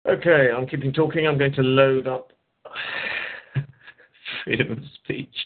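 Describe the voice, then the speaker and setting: Guy hosting a test call, slow, kinda mumbly, phone-line sound. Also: medium pitch, level tone. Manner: joking, mutters to himself while checking settings. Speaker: show host. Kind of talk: casual call-in test chat. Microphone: online call over landline.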